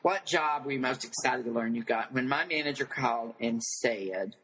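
A man's voice: mid-range voice, moderate pace, fairly bright tone, a little hiss or hum, rough recording. Flamboyant older man telling wild stories. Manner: flamboyant storyteller who acts out quoted voices. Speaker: interview guest. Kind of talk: animated anecdote telling.

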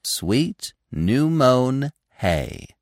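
A man's voice: mid-range voice, huge pitch swings, slow, dry recording, clean studio sound, pitched above the performer's own voice, exaggerated voice. A man voicing a proud, boastful young deer boasting of his winter among people. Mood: superior. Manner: boastful, superior.

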